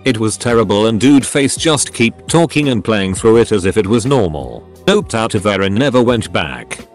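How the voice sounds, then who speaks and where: Male storyteller, low and animated, reading posts over faint background music. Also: moderate pace. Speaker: narrator reading online posts. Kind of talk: scripted narration.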